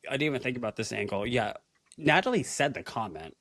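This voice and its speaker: A man co-hosting a casual recap podcast, talking in an animated way, swearing and acting out quotes. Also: medium pitch, fast talker, dry recording. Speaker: podcast co-host.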